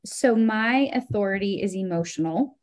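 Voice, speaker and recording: A woman talking as a podcast guest in casual chat, animated and expressive, her pitch swinging up when she recounts feelings. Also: normal speed.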